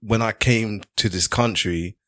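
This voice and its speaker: Low-voiced joking man. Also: unhurried, sharp tone, dry recording, clean studio sound. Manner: teasing, jokey interjections. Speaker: podcast co-host. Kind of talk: casual chat.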